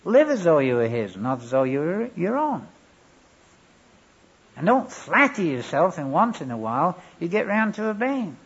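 A man's voice: a little high, very animated, moderate pace, slightly rough. A man preaching a sermon and telling a wry, humorous story from his past. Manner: wry humorous anecdotal delivery. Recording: dull lo-fi recording.

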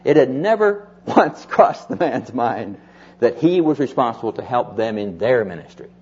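A man's voice: moderate pace, slightly rough. A man preaching a sermon, telling stories of people he counselled and quoting them as he goes. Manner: animated storyteller, quotes others in lowered voice. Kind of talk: sermon with storytelling. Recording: dull lo-fi sermon recording.

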